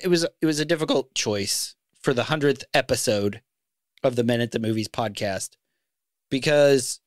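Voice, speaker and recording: A male podcast host talking in an easygoing, chatty way, with a middle-pitched voice. He laughs easily and trips over his own restarts. The sound is dry and close to the mic. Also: dry recording. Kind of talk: casual podcast chat.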